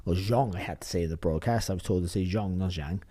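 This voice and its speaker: Guy on a boxing panel, rambles and swears, talks fast. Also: sits low, mellow, breathy edge. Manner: rambling, restarts, swears freely. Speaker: boxing pundit. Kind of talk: casual panel chat.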